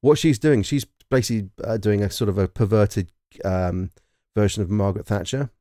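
A man's voice: lowish voice, a little fast, dark tone, dry recording, studio quality. A man with a southern English accent co-hosting a film podcast, rambling with plenty of fillers and casual swearing. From England. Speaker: podcast co-host. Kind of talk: casual chat.

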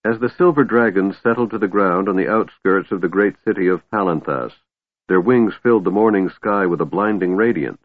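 A man narrating a fantasy audiobook in a steady storytelling voice. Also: sits low, fairly quick, no room sound. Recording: tinny phone-like sound, dry.

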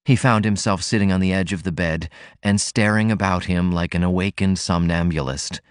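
A man reading a novel aloud as an audiobook narrator, in a measured, even manner. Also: lowish voice, no echo, studio quality. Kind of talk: scripted narration.

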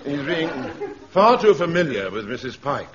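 A hesitant, polite sergeant. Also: male voice, a little high, big pitch swings, normal speed, a crowd in the background. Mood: mild polite. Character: mild, hesitant gentlemanly sergeant. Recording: dull archive radio recording with audience laughter.

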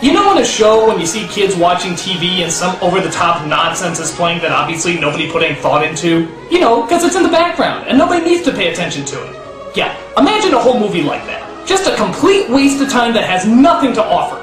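A man giving a sarcastic, profane comedic film review with shouted outbursts. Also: high-pitched, lively intonation, fast, echoey room, music in the background.

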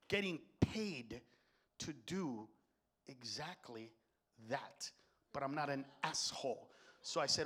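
Middle-aged comic man ranting, high voice, swears a ton, goes from muttering to yelling. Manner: profane, animated, swings from mutters to shouts. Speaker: stand-up comedian. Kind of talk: stand-up comedy.

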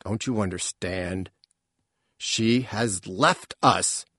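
A man's voice: fairly low pitch, drawn-out words, sharp tone, dry recording, heavily acted. A man voicing a proud, short-tempered male alien father, speaking in a clipped, curt way. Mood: bitter.

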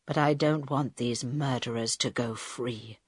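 A woman voicing a despairing man who speaks in a low, hushed, gloomy way in a storybook reading. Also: fairly even intonation, a little slow, husky, dry recording, clean studio sound.

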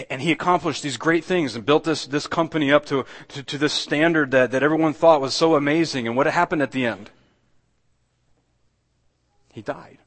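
A man preaching a sermon in a conversational way. He often repeats words and restarts, then swells louder on key points. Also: mid-range voice. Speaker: pastor.

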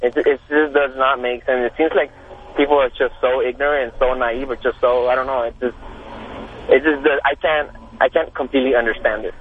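A man with a husky voice calling into a radio show, talking in an earnest, rambling way. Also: mid-range voice, fairly even intonation, a little fast, slight background noise. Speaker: caller. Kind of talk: call-in talk radio. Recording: tinny phone line.

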